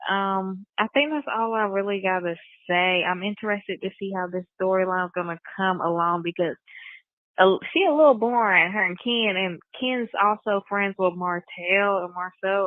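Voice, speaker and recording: A woman's voice: medium pitch, no room sound. A woman from North Carolina with a Southern country accent, leaving a casual, chatty voice message for a show. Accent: Southern American country. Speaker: caller. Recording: tinny phone voice message.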